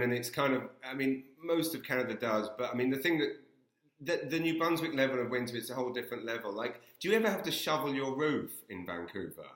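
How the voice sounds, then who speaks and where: A man's voice: mid-range voice, a bit bright. An English man hosting a casual interview, telling stories in a chatty, self-deprecating way. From England. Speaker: host. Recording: roomy echo.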